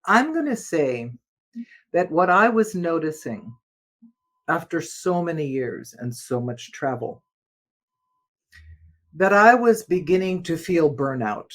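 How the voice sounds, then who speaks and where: Telling stories as a guest in an informal interview, the older ex-opera singer is quick to laugh and very expressive. Her voice shifts dramatically in loudness and pitch.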